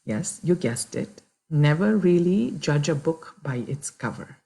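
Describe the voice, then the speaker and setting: Gravelly, mellow woman storyteller. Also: sits low, animated, unhurried. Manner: chatty, addresses listeners directly. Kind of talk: children's story and moral lesson.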